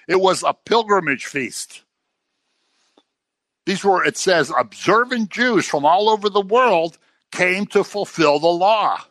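A man preaching a sermon in a conversational, animated way, sometimes acting out the people he quotes. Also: sits high, no room sound.

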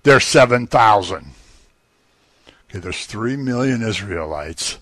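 A man's voice: lowish voice, animated, slow, a bit bright, dry recording. A man preaching a sermon in a conversational teaching manner, rising emphatically on key phrases. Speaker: pastor.

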